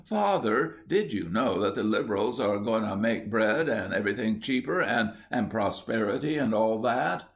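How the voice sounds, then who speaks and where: A man's voice: fairly low pitch, expressive, moderate pace, hardly any pauses. A man doing an indignant schoolboy. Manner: eager, indignant. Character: cheeky indignant young schoolboy.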